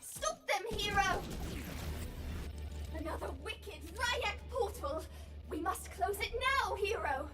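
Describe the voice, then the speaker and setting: A woman voicing a helpless game character who keeps begging a hero for protection in a drawn-out, repetitive way. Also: extremely high pitch, expressive, pushed and bright, a little hiss or hum, exaggerated voice. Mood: pleading.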